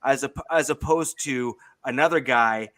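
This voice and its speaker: Male podcast co-host with a bright, sharp tone and a dry close sound; talks in long rambling explanations. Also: medium pitch, unhurried, dry recording. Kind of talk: casual sports podcast chat.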